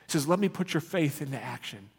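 A man's voice: on the high side, expressive, quick pace, gravelly, slightly rough, long reverb tail. A man preaching a sermon in an earnest, conversational teaching manner with rising emphasis. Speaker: pastor.

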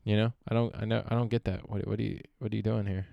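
A man's voice: lowish voice, level tone, quick pace, vocal fry, dry recording, lo-fi sound. A young man hosting a solo podcast, rambling and swearing freely, often trailing off and restarting. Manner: profane, meandering, self-interrupting. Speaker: podcast host.

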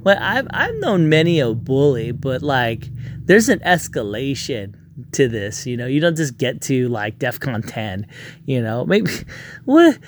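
A man's voice: mid-range voice, sing-song, a little slow, a little hiss or hum. A man in a casual, profane, rambling rant reviewing a movie, sounding exasperated.

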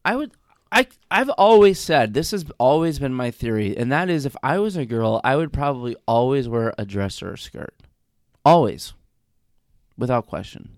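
A man's voice: medium pitch, sing-song, moderate pace, no echo, clean studio sound. A man co-hosting a podcast, chatting casually in a playful, teasing way into a desk mic. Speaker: podcast co-host. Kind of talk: casual chat. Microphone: desk microphone.

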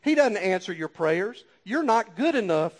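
A man voicing a sly male devil who coaxes in a hushed whisper and then sneers in scorn. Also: high voice, very animated, normal speed. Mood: sneering. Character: sly tempting male devil, cruel accuser.

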